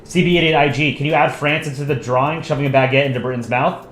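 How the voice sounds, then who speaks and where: A man's voice: a little high, fast, echoey room, faint music behind. Chatty man live-streaming while he draws. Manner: relaxed, chatty, thinking aloud while drawing, reads chat requests. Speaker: streamer drawing for chat. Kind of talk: casual live-stream chat while drawing.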